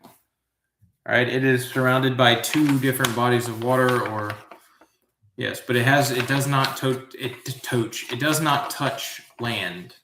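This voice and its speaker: Slow-talking man hosting trivia, echoey. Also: mid-range voice, fairly even intonation, noisy background. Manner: slow, drawn-out, musing asides. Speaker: trivia host. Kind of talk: live trivia reading, casual chat.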